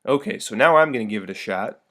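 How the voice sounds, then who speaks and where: A man teaching a recorded video lesson in a friendly, upbeat way, reading verse slowly with heavy stress. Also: mid-range voice, animated, a bit bright.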